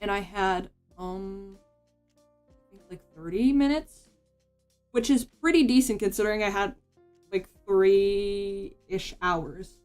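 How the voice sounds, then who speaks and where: A woman streamer talks casually at her desk mic while drawing, her thoughts rambling and full of "like" and restarts. Her pitch sits in the middle range. Soft music plays faintly behind her. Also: takes it slowly, clear, resonant tone.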